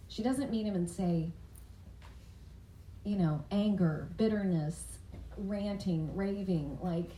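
A woman's voice: mid-range voice, measured pace, mellow. Woman teaching scripture in an echoey room. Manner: earnest, conversational, asks the listeners questions. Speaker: Bible teacher. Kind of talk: Bible study teaching. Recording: echoey room, faint background noise.

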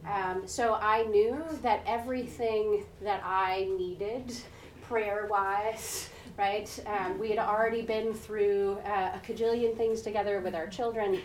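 A woman's voice: mid-range voice, fairly even intonation, measured pace. Female preacher, 40s, chatty sermon storytelling, picked up from across a roomy hall, faint room noise. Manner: conversational, often asks "right?", acts out voices. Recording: echoey room heard from a distance.

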